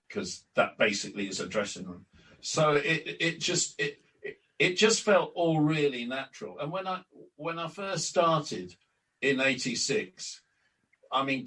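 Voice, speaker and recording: An older man telling anecdotes in a relaxed interview, acting out remembered conversations with many restarts. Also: medium pitch. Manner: anecdotal, acts out quoted exchanges, frequent restarts. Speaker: interview guest, former club announcer and editor. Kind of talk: storytelling in a relaxed podcast interview. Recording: distant from the mic.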